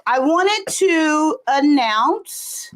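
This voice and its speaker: A woman in her forties hosting a casual livestream chat, telling stories with laughter and big leaps in her voice. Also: drawn-out words. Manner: animated storytelling with laughter and big pitch leaps. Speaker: livestream host.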